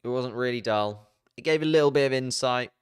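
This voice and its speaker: A man's voice: mid-range voice, a little fast, smooth. A man hosting a casual, chatty explainer video, jokey and self-mocking as he banters. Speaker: YouTube host.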